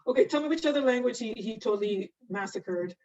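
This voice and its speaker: A woman's voice: fairly high pitch, lively intonation, a little fast, darkish tone. A middle-aged woman teaching an online nursing anatomy class, chatty and laughing often as she answers students by name. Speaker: nursing instructor. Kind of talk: live online anatomy lecture. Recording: distant, dull lo-fi mic.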